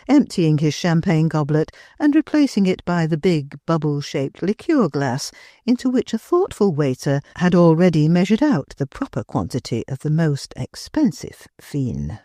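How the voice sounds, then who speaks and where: A woman narrating a classic novel as an audiobook reader, expressive and unhurried. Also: deep voice, dry recording, studio quality. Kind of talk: scripted literary narration.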